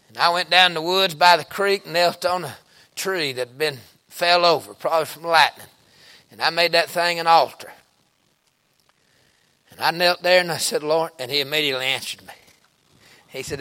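Male preacher, high voice, hushed-to-shouting sermon delivery. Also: normal speed, pauses often. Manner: swings from hushed to shouting, folksy.

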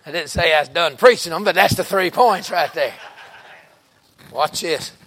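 High-voiced preacher, folksy, fervent. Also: male voice, moderate pace. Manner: swings from hushed to shouting, folksy. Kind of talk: sermon.

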